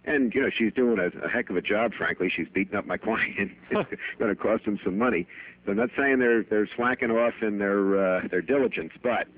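A middle-aged accountant with a husky, fairly low voice tells anecdotes at a fairly quick clip as a guest on a radio show, laughing at his own stories. His chatty interview storytelling comes through as a tinny, phone-band radio broadcast.

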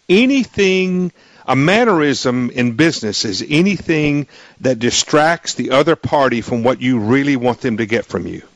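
A man's voice: a little high, no room sound. A male radio talk show host interviewing a guest in an emphatic, joking way, with frequent restarts. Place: radio studio.

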